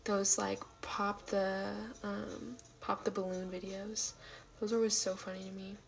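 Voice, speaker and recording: Woman, livestream host, casual rambling chat, vocal fry, mid pitch, soft whispered asides, at home late at night. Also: flat delivery, unhurried, low-quality recording. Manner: rambling, filler-heavy, answering chat.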